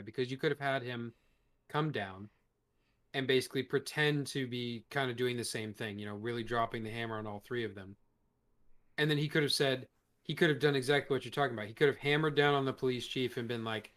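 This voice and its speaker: A man's voice: mid-range voice, fairly quick, fairly bright tone. A man in the middle of his range, chatting casually on a podcast and reviewing a show. He speaks bluntly, with frequent swearing. He often stresses single words hard. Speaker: podcast co-host.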